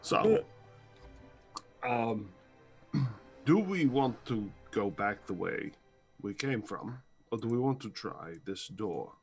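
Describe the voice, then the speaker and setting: A man's voice: on the low side, lively intonation, takes it slowly, long pauses, faint music behind, low-quality recording. A man playing in a tabletop game, making dry jokes in casual chat. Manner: dry, joking. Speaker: player.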